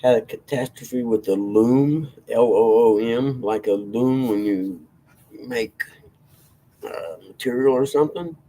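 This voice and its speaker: A man's voice: mid-range voice, measured pace, mellow. A man hosting a livestream, chatting casually with viewers in a rambling, self-deprecating way and chuckling often. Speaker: livestream host reading chat. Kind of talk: casual chat.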